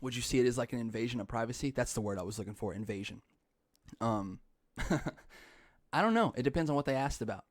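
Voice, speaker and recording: Young male podcast host, mid-pitched, loose and rambling, swears casually. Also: expressive, brisk, dry recording. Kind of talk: casual chat.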